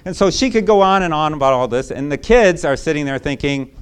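A man's voice: fairly high pitch, animated, brisk, smooth. A male pastor preaching a sermon in a conversational, emphatic way, often checking in with rhetorical asides.

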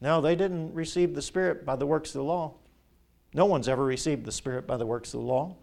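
A man's voice: fairly high pitch, a little fast, creaky, darkish tone. A male pastor preaching a sermon, quizzing the congregation with call-and-response questions and often adding "if you would please.".

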